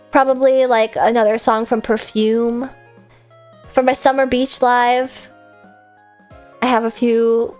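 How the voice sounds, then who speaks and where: Tired, chatty young woman streamer. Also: a little high. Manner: chatty, self-deprecating, drifts into deadpan. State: late-night tired, coming down from an energy drink. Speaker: VTuber streamer. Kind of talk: casual livestream Q&A, reading fan messages aloud.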